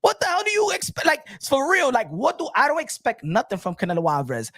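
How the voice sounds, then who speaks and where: High-voiced guy ranting about boxing, loud and pushy, dry close sound. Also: wildly swooping pitch, fast, dry recording. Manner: switches between English and Spanish, emphatic and loud. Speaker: boxing channel host. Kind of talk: animated rant.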